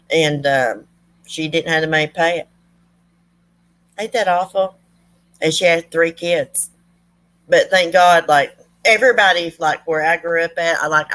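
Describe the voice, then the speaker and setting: A woman's voice: deep voice, a bit bright. A woman telling folksy stories to her viewers in a chatty, rambling way. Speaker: true crime channel host. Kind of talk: casual storytelling to viewers.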